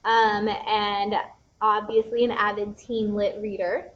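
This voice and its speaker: A woman's voice: mid-range voice, little pitch movement, slow pace, lo-fi sound. A young woman hosting a casual bookstore livestream, chatty and bubbly, rambling with lots of fillers. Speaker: bookstore young adult specialist, livestream host.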